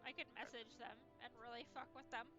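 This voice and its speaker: A woman's voice: fairly high pitch, fairly even intonation, fairly quick, dull audio, over music. A woman playing a tabletop game, thinking aloud about her options and swearing casually. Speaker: player.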